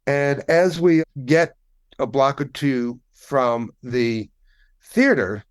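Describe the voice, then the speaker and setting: Wry man telling a story. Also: mid-range voice. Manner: wry, conversational, with occasional swearing. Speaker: podcast guest. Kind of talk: casual anecdotal storytelling.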